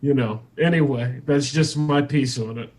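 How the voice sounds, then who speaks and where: A man's voice: mid-range voice, moderate pace, darkish tone. A man co-hosting a podcast, talking in a rambling, easygoing way with many asides. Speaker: podcast co-host. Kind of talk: casual podcast chat.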